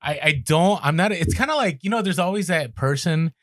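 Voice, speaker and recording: Animated man co-hosting a podcast. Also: on the high side, brisk, dry recording, clean studio sound. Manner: animated, emphatic, filler-heavy. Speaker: podcast co-host. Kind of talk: casual chat.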